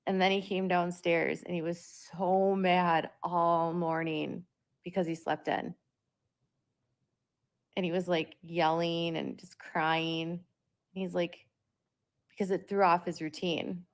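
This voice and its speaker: Young adult woman, low and gravelly, rambling casual vlog talk. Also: little pitch movement, slow. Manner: rambling, talks through filler words. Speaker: parent vlogger. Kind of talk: casual monologue to viewers.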